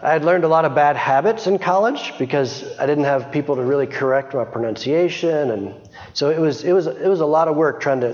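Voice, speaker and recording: A man's voice: on the high side, a little mellow. A middle-aged man giving an informal missionary report to a church, chatty, with frequent restarts. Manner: chatty, many restarts and small laughs. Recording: dull sound, long hall reverb.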